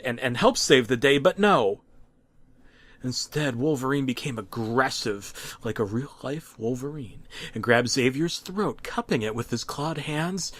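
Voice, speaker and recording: A man narrating a mock-serious horror story with a dramatic, deadpan delivery and occasional restarts. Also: medium pitch, no echo. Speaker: creepypasta narrator.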